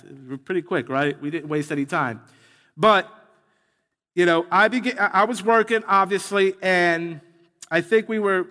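Male pastor, 30s, high voice, conversational sermon that builds to fervent repetition, church hall reverb. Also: a bit bright.

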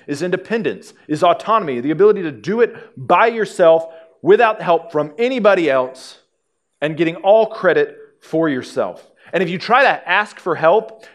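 A male pastor delivers a sermon in a relaxed, conversational manner, slipping in dry jokes as he goes. His voice sits a little higher than most men's.

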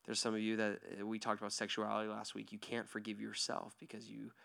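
A pastor in his thirties giving a sermon to his church, lively and joking at first, then soft and hushed as he leads a quiet prayer. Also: on the low side, fast, creaky. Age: 30s. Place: church hall.

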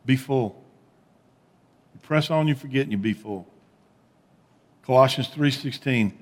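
Man, pastor, sermon, animated emphatic delivery, medium pitch, reverberant church hall. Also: measured pace, pauses often. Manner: animated preaching with rising emphatic peaks and quiet low asides.

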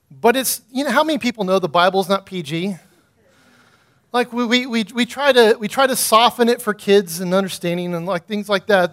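A man's voice: sits high, a bit bright. A man preaching a sermon, building to fervent, repeated emphatic calls.

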